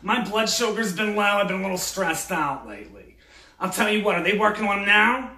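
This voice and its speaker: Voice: mid-range voice, expressive, brisk, bright, forceful tone, heavily acted. Someone doing a cranky cursing old grandma. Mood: irritated, complaining. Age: older. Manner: gruff, cursing, complaining. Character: cranky elderly grandmother, short-tempered and foul-mouthed. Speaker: comedy character host. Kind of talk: improvised comedy sketch.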